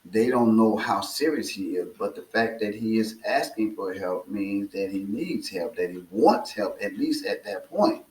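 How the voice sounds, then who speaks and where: Male preacher, slow and deliberate, low-pitched, telling a parable in an echoey room. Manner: slow and deliberate, with filler uhs and repeated phrases. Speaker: speaker.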